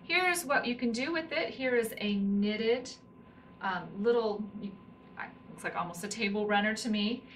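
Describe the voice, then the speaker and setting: A woman's voice: fairly high pitch, moderate pace. A middle-aged woman teaching hand spinning, explaining each step while she demonstrates with her hands. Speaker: spinning instructor. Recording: slightly distant mic with faint room noise.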